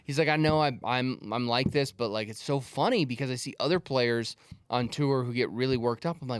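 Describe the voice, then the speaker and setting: A man's voice: mid-range voice, brisk, smooth, no room sound, clean studio sound. A young man co-hosting a casual podcast, telling stories with bursts of laughter. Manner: animated storyteller, laughs mid-story. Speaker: podcast co-host. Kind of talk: casual chat.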